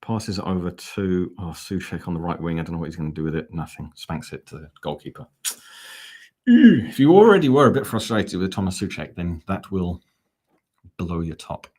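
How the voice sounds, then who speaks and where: A man's voice: low-pitched, animated, normal speed, darkish tone, breathy edge. A man hosting a live football fan watch-along, calling the play and chatting back to viewer comments. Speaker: fan channel host.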